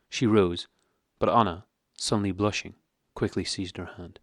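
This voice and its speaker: A man narrating an audiobook with a measured, even reading. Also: low-pitched, dry recording, clean studio sound. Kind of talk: scripted narration.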